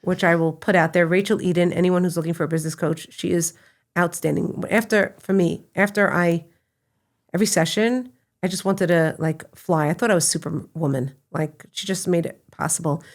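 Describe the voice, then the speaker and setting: Animated middle-aged woman telling stories. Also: lowish voice, moderate pace. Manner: animated, breaks into laughter when telling stories. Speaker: podcast guest. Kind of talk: casual conversational storytelling.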